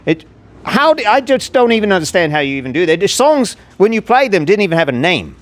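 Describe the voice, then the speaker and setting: A man's voice: sits high, very animated, fairly quick. A man hosting a radio show interview, playful and teasing in a mock-pompous way. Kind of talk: casual interview chat.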